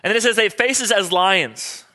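A man's voice: high voice, normal speed, pushed and bright. A middle-aged man preaching as a pastor, telling chatty personal stories in a sermon. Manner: chatty, storytelling, quotes people in voices.

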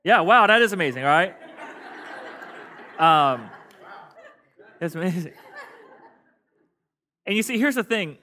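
Unhurried and pausing often, a male pastor preaches with a bright, fairly high voice, keeping the sermon conversational and sprinkled with jokes. He leads the congregation in the sanctuary through call-and-response, coming across as friendly and relaxed.

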